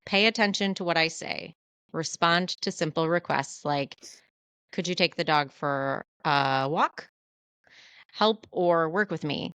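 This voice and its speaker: A woman co-hosting a podcast, talking in a candid, animated, self-deprecating way in casual chat. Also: low voice, measured pace, clean tone, dry recording. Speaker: podcast co-host.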